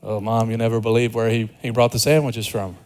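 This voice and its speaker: A man's voice: medium pitch, little pitch movement, a little fast, darkish tone, voice pushed down, natural voice. A man doing an awestruck young boy. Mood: awed. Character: eager young boy swept up in awe.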